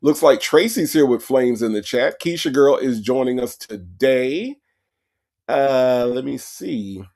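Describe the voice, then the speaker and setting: A man's voice: mid-range voice, lively intonation, measured pace, darkish tone. A man hosting a casual livestream, reading out viewers' names from the chat and greeting each one with repeated hellos. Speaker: livestream host. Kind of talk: casual livestream shout-outs.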